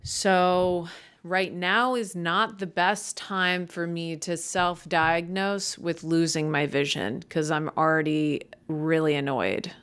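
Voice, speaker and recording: On her podcast, a young comedian rambles and trips over her words, quick to get annoyed and quick to poke fun at herself. She speaks slowly in a fairly low, steady, smooth voice with a fairly bright tone that sometimes cracks.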